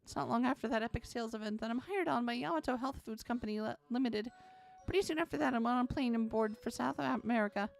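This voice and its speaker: Casting: woman streamer narrating a game, heavy vocal fry, higher pitch, dramatic read. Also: quick pace, hardly any pauses, faint music behind. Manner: expressive, with sudden high exclamations. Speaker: streamer reading a game aloud.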